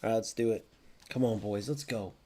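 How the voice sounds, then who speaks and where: A young man streaming a football video game, reacting loudly to plays, swearing often and answering viewers in chat. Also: fairly low pitch, fairly even intonation, brisk, noisy background. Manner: chats with live viewers by name. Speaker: gaming streamer. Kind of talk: live gameplay commentary.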